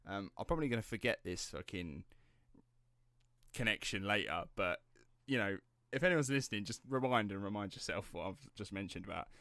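A man's voice: lowish voice, expressive, a little fast, bright, forceful tone, dry recording, clean studio sound. A man hosting a casual true-crime podcast, rambling and laughing as he drifts off script. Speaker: podcast host.

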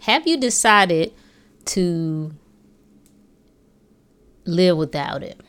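A woman's voice: on the low side, lively intonation, very slow, fairly bright tone, clean tone. Woman podcast host, casual and preachy, slangy, lots of rhetorical questions. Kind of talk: casual motivational podcast talk.

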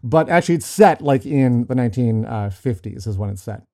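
Middle-aged male podcast host; warm, mellow voice; casual storyteller who restarts lines. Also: medium pitch, expressive, a little fast. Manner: chatty, storytelling with frequent restarts and laughs. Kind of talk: casual chat.

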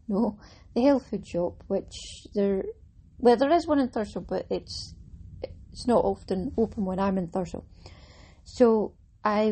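A woman with a mid-pitched, husky voice, chatting casually on her craft podcast. She rambles cheerfully, stops to correct herself and pokes fun at herself. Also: mellow. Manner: chatty, self-mocking, rambling with fillers. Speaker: podcast host. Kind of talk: casual chat.

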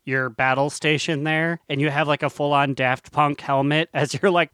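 Podcast guy, higher voice, teasing and amused, dry sound. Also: fairly even intonation, normal speed, fairly bright tone, dry recording. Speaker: podcast co-host. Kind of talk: casual gaming podcast chat.

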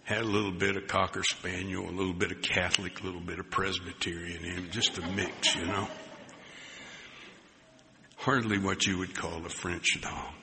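A man preaching a sermon, telling a personal story, acting out the dialogue and dropping to soft near-whispers at tender moments. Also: low-pitched, flat delivery, moderate pace, creaky. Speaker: pastor. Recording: long hall reverb with faint background noise.

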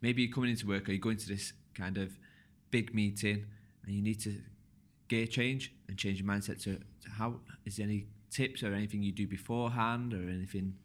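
A man hosts a podcast in an easygoing, conversational way. His voice sits a bit low, and his words slur together when he talks fast. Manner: relaxed, slurs words when talking fast. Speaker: podcast host.

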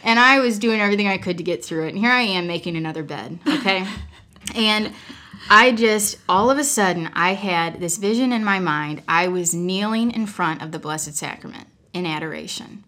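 A woman's voice: medium pitch, normal speed, bright, forceful tone. A mother sharing a personal story as a guest, frank and rambling, breaking into laughter often. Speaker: podcast guest; mother of several children.

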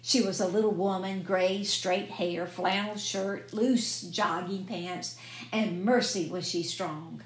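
Older woman, former chaplain, unhurried and gentle devotional delivery, echoey room. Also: medium pitch, steady tone. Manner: gentle, measured, reads scripture with feeling. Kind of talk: slow devotional talk on grief. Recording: roomy echo.

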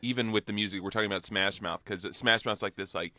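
Co-host dude riffing on movies, bright punchy voice, dry close mic. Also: male voice, lowish voice, quick pace, no room sound. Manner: animated, joking, restarts and acts out little quotes. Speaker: podcast co-host. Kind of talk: casual movie chat podcast. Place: small studio. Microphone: new studio microphone.

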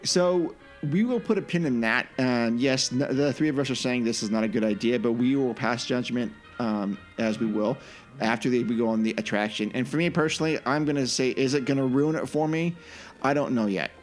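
Male podcast co-host, chatty and opinionated, restarts often, average pitch, light music bed. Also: fairly quick. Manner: animated, opinionated, frequent restarts. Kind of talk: casual chat.

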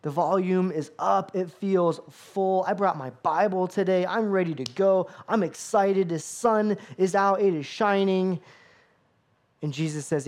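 A man's voice: sits high, unhurried, darkish tone. Guy preaching a sermon, punchy and repeats himself a lot. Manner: emphatic, repetitive preaching cadence. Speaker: pastor.

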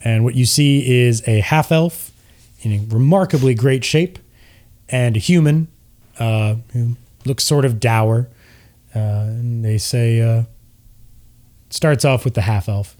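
A man's voice: medium pitch, slow pace, long pauses, a little mellow. Man narrating a tabletop game. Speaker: game master.

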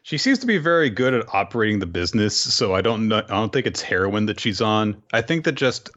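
A man's voice: fairly low pitch, brisk, lo-fi sound. A man co-hosting a podcast, recapping manga chapters in casual chat and acting out the characters' lines as he goes. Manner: animated retelling, acts out characters' lines. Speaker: podcast co-host.

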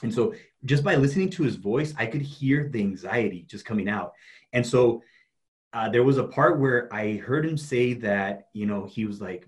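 A man's voice: medium pitch, expressive. A man who works as a life coach, talking earnestly in a casual conversation, often restarting his sentences. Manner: earnest, halting, many restarts.

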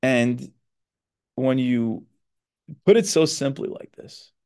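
A man's voice: medium pitch, takes it slowly, a little mellow, clear, resonant tone. A man who is a psychotherapist and podcast host, talking earnestly in a reflective monologue and stressing his points. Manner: earnest, explanatory, with emphatic stresses.

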